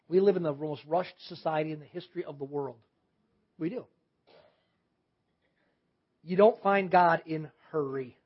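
A male pastor preaching a sermon in a reflective way, slowing down and dropping to a hush when he reads scripture aloud. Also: a little high, husky. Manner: reflective, slows and drops to a hush for quiet reading. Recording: dull lo-fi sermon audio.

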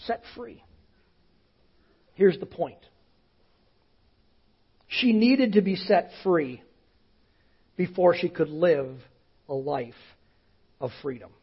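Husky high-voiced pastor telling a story. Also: male voice, slow, pauses often. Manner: conversational, often dropping to a hushed voice. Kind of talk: sermon storytelling. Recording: dull lo-fi sound.

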